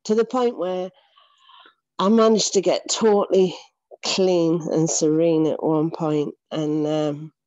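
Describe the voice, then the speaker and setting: A woman's voice: low voice, steady tone, slow, warm tone, dry recording, dull audio. A woman giving an earnest, emotional personal faith testimony, often repeating herself and laughing between phrases. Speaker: church member giving testimony.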